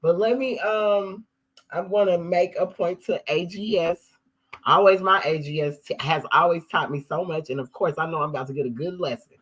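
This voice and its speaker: A man hosting a casual religious discussion on a live stream, animated and exclaiming when excited. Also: fairly high pitch, moderate pace, poor audio.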